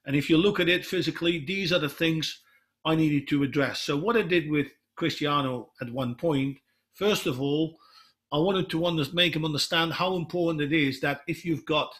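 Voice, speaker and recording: A middle-aged Dutch football coach from the Netherlands, whose first language is Dutch, explains things to fellow coaches in a fairly high, slightly bright voice. He retells dialogue and restarts his sentences often.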